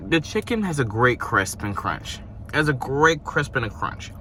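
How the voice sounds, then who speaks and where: A young man talking casually through a fast-food review from his parked car, rambling and playful. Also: medium pitch, big pitch swings, pushed and bright, a little hiss or hum. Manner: chatty, rambling, playful asides. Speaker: vlogger.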